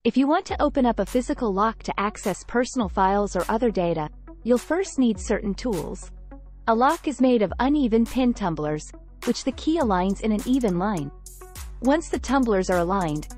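A woman giving scripted narration of a book summary in an even, measured, explanatory way. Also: fairly high pitch, soft background music.

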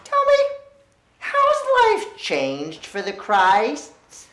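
A man's voice: high-pitched, wildly swooping pitch, extremely slow, sharp tone, reverberant, heavily acted. A man playing a smarmy talk show interviewer in a comedic film, stretching out his words showily. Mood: showy.

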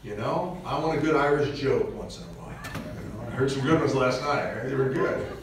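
A man giving a lively parish mission talk on preparedness, joking and acting out little scenes for the audience. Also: mid-range voice, a little fast, a crowd in the background. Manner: animated, jokey, acts out little scenes. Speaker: visiting speaker on preparedness. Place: church hall. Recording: echoey church, recorded from far off.

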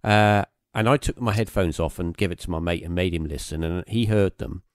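A deep-voiced man speaking a little fast hosts a podcast, casually rambling through a long story with many fillers. The studio sound is clean, with no echo.

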